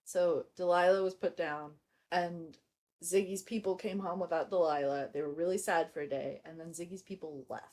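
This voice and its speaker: A woman co-hosting a podcast, chatting casually with quick reactions and frequent laughter. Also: fairly low pitch, steady tone, darkish tone. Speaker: podcast co-host. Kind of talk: casual chat.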